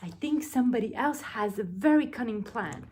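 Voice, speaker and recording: Expressive woman reading a picture book. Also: on the high side, a little hiss or hum. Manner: expressive, drawn-out storytelling. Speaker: nursery teacher.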